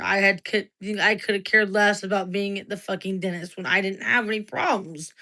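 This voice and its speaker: A woman in her thirties with a bright, forceful voice, rambling through a confessional livestream chat. She swears freely and keeps circling back on herself. Her talk is loose and unscripted. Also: mid-range voice. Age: 30s. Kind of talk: casual livestream monologue.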